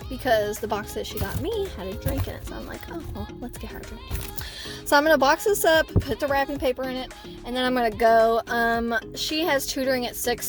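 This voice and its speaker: A young woman chatting casually in a vlog, bubbly and talkative, swearing now and then. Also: sits high. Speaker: vlogger.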